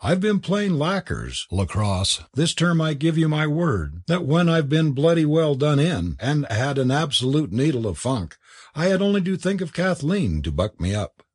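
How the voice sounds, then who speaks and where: An excitable, lovestruck young student, as a man reads him aloud in a storybook. His lines come out higher than the narration and bounce around a lot. The voice has a slightly husky edge. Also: moderate pace, dry recording, studio quality. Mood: tipsy speechmaking. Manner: impulsive and excitable. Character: eager, lovestruck young male college student.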